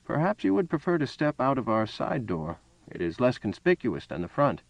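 A man reading aloud, voicing an old male gun shopkeeper who speaks in a precise, calm and measured way. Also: mid-range voice, gravelly, no echo, voice pushed up, low-quality recording.

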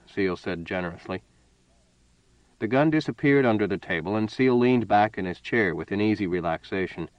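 Man, audiobook narrator, low voice, dull lo-fi dry recording. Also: lively intonation, moderate pace, no echo. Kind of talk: scripted narration.

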